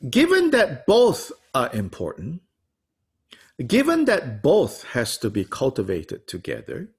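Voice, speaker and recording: A man's voice: measured pace, breathy edge. A man teaching a study class, answering a student with rhetorical questions and small laughs. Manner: animated, wide-ranging pitch, rhetorical questions, small laughs.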